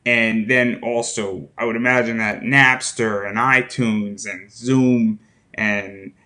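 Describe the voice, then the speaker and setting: A man's voice: lowish voice, steady tone, slow pace, bright, forceful tone. A man hosting a casual interview about a comic, rambling and thinking aloud with restarts. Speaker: podcast host.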